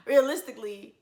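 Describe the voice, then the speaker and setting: A young woman vlogger telling a story in casual chat, animated and dramatic, laughing often. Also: a little high, echoey room.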